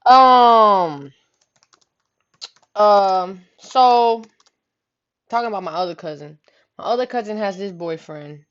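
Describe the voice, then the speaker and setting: A woman's voice: lowish voice, fairly bright tone. A young woman vlogger casually telling a story, slangy and full of "you know what I'm saying". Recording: dull lo-fi home recording.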